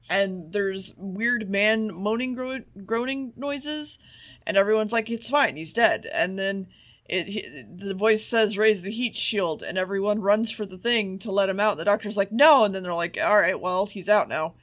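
A man's voice: high voice, a bit bright. A man co-hosting a podcast, casually recapping an episode, swearing freely and acting out the characters' lines. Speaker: podcast co-host.

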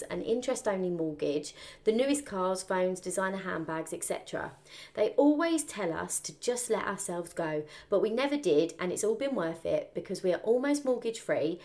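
A woman's voice: lowish voice, a little mellow. A woman co-hosting a podcast, joking in casual chat and reading out a listener's letter. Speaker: podcast co-host.

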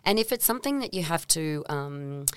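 A woman hosts a podcast in a low voice. She chats agreeably and drops casual fillers as she talks. The recording is dry and close. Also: expressive, moderate pace, smooth, dry recording. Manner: agreeable, uses conversational fillers.

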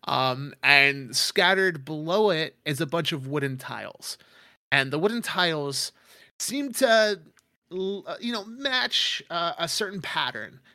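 Gravelly game master, rambling narration. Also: male voice, on the high side, expressive, measured pace, pushed and bright, no room sound, studio quality. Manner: rambling, many fillers.

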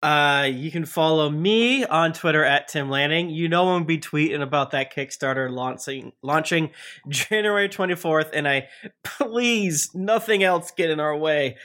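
A man's voice: a little high, bright, forceful tone. Joking man hosting a podcast. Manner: joking, rambling, quick bursts. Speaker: podcast host. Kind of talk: casual podcast chat and ad read.

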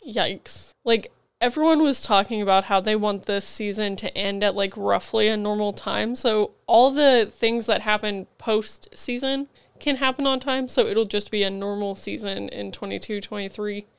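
Young woman, podcast co-host, sick with a raspy cold voice, chatty. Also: medium pitch, steady tone, normal speed, few pauses. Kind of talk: casual chat.

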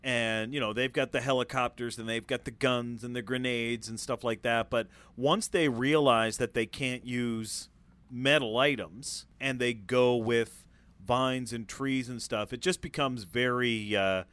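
A man co-hosting a casual film chat, enthusiastic and profane, telling scenes with lively swings. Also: medium pitch, unhurried, smooth. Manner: enthusiastic, profane, animated storytelling. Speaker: podcast co-host.

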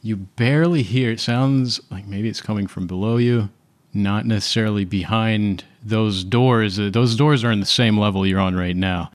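A man narrating as game master in a tabletop game, relaxed and unhurried, with frequent fillers. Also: on the low side.

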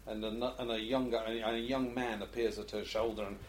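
A man's voice: mid-range voice, a little fast. A man co-hosting a podcast, chatting casually and telling jokes with a chuckle. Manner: animated storyteller, chuckling. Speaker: podcast co-host.

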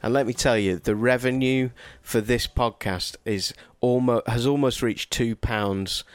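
A man's voice: medium pitch, steady tone, a little slow, clean tone, dry recording. A man co-hosting a casual podcast chat, rambling and joking at his own expense. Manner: rambling, jokey, self-deprecating. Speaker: podcast co-host.

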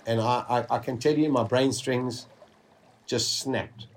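A man's voice: mid-range voice, measured pace. Man telling a dramatic survival story. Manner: vivid, animated telling, acts out his own inner voice; dark humor, chuckles while telling.

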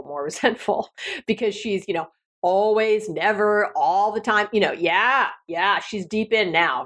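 Woman, middle-aged, therapist-host; animated solo podcast talk with playful asides. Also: medium pitch. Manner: chatty, animated, playful asides with frequent laughs.

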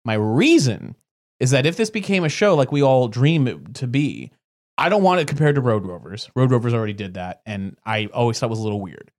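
A man in a casual creative discussion, talking in an animated, opinionated way and laughing often. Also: medium pitch, a little fast.

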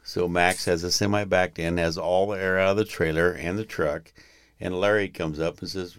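A man's voice: low voice, fairly even intonation, normal speed, smooth, no room sound. A man telling rambling stories in a casual podcast chat, often breaking into laughter at his own tales.

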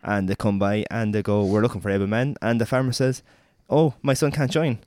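A man's voice: lowish voice, steady tone, a little fast, a little mellow, no room sound, studio quality. A man co-hosting a podcast, telling a story in a rambling way with many fillers and laughing at his own slips. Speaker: podcast co-host. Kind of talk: casual chat and storytelling.

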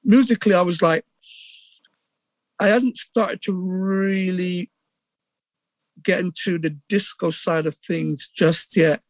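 Middle-aged bristol guy, pretty high voice, dry close sound, gets all animated telling his stories. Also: slow pace, pauses often, no echo. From England. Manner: animated storyteller, acts out quotes, many restarts. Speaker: radio DJ guest. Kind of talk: casual storytelling interview.

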